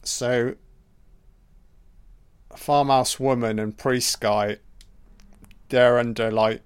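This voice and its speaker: Slow, smooth-voiced man swearing through a film. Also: mid-range voice. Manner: profane, excitable running reactions. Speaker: film commentator. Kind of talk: casual audio film commentary.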